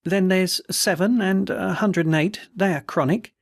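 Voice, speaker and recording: A man's voice: high voice, measured pace, vocal fry, no room sound, clean studio sound, voice pushed up. A man doing a chatty prison warder. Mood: reporting. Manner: informal, chatty working-man speech. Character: middle-aged male prison head warder, persistent and confiding.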